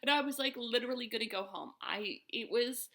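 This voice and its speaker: A woman tells a personal story to her camera in a loose, chatty way. Her voice is bright and forward, and she rambles, circles back and fills the gaps with ums. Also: on the high side, expressive, brisk, vocal fry. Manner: chatty, rambling with many fillers and restarts. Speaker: vlogger telling a personal story. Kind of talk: casual storytelling.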